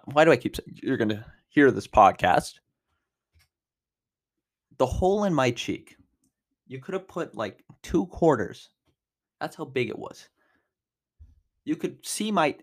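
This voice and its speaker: A man in his twenties hosting a podcast, telling a personal story in a casual, animated way, with big jumps in pitch and loudness. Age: 20s. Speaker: podcast host.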